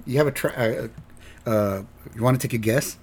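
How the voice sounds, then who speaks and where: A man casually recapping a cartoon episode as a podcast host, halting and rambling. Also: medium pitch, darkish tone, breathy edge. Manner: rambling, halting, with fillers and restarts.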